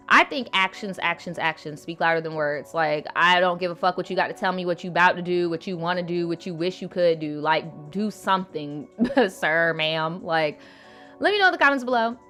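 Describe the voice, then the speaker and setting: A woman's voice: on the low side, fairly bright tone. A woman hosting a live show, chatting casually and bluntly with her audience, swearing and laughing often as she reads viewer stories and comments. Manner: blunt and profane, laughs often, talks straight to the chat. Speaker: livestream host reading viewer stories.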